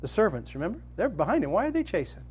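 A middle-aged man preaching a sermon, telling a personal story and retelling a parable, rising to loud excitement in the vivid parts and dropping soft in the tender ones. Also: very fast, slight background noise. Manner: storytelling, grows animated and loud when dramatizing, soft and low when tender.

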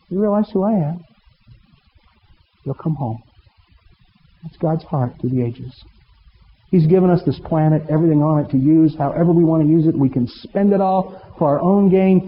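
A middle-aged male pastor tells a sermon story with animated, humorous delivery and acts out bits of dialogue in a somewhat high voice. His voice rings with a long hall reverb. The recording sounds dull and muffled under a faint hiss.

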